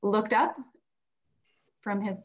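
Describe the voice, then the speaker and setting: A woman from Florida who writes children's books and teaches in a classroom tells her story during a livestreamed book launch conversation. She speaks slowly in a mid-range voice, animatedly acting out quotes with many fillers, on a muffled recording.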